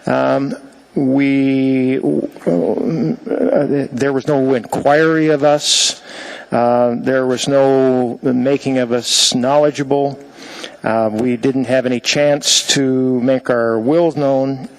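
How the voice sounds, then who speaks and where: A man testifying at a city assembly meeting, halting with many fillers as he reads from a letter. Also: medium pitch, fairly even intonation, gravelly, poor audio. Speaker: public testifier. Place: council chamber.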